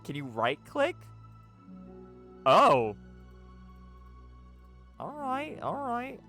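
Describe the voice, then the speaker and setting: A game streamer reading a story's narration aloud during a live playthrough, excitable and profane, breaking off into laughter and running commentary. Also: medium pitch, extremely slow, soft background music.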